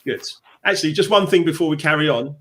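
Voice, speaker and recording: A man's voice: fairly high pitch, fast, a bit bright, slight background noise. A man with a London Cockney accent hosting a live stream chat as a success coach, rambling with many fillers and restarts over a video call.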